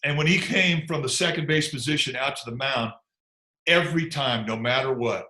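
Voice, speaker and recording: A man with a crisp, bright voice recounts baseball anecdotes in an easy, unhurried storytelling manner. He chuckles and drifts into asides as he goes. The sound carries a noticeable echo of the room around him. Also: medium pitch. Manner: laid-back, chuckling, trails off into asides. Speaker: former big league pitcher telling stories. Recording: echoey room.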